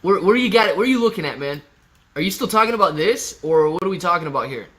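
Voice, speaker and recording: Young male stream host, bright and slightly high, jokey chat reader. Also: animated, quick pace. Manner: joking, reads viewer chat aloud. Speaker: livestream host. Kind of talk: casual live stream chat.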